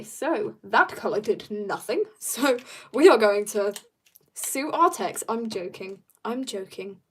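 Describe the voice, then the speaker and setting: A woman's voice: fairly high pitch, breathy edge. A young woman chatting casually while drawing on a livestream, bubbly and joking as she reads viewer comments. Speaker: art livestreamer.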